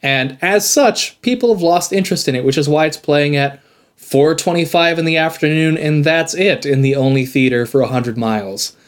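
Man, podcast co-host, deadpan teasing. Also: fairly high pitch, moderate pace. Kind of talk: casual chat.

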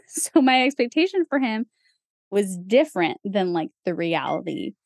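A woman's voice: medium pitch, big pitch swings, normal speed, vocal fry, no echo, clean studio sound. A young woman co-hosting a podcast, talking in a casual, chatty way with lots of fillers and small laughs. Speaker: podcast co-host. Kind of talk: casual chat.

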